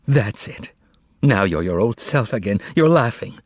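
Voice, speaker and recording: A man's voice: on the low side, lively intonation, a little slow, a little mellow, dry recording. A man reading aloud, voicing a devoted young woman with an emotional, pleading manner. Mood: joyful.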